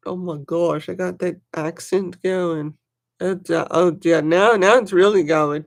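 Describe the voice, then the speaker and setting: On a casual livestream, a knife collector rambles excitedly and talks to chat viewers by name. The voice is mid-range with vocal fry, delivered at a measured pace.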